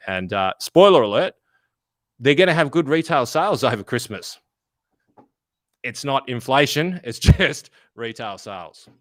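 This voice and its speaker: An Australian man co-hosts a casual finance talk, blunt and freely swearing with animated asides. His voice sits at an ordinary pitch. The sound is dry and close, with no room around it. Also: unhurried, dry recording. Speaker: podcast co-host.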